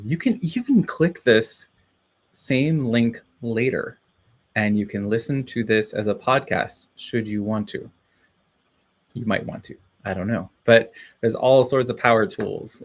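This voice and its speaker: Gravelly, rambling casual man. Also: on the low side. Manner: rambling, self-encouraging, laughs often. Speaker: live streamer. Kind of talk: casual live stream chat.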